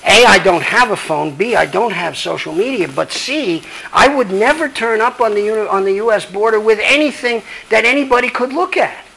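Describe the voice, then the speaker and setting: Law professor, male, high-pitched and blunt, swearing freely, taking audience questions. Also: expressive, moderate pace, gravelly, hardly any pauses, sharp tone, breathy edge, low-quality recording. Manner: emphatic, blunt, profane. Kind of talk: lecture with audience Q&A.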